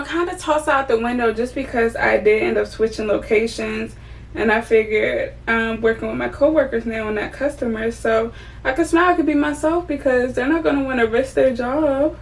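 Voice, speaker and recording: A woman's voice: on the high side, moderate pace, vocal fry, recorded from a distance. A young woman venting candidly and casually to her viewers as she does her makeup, swearing freely. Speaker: vlogger. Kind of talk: casual get-ready-with-me venting.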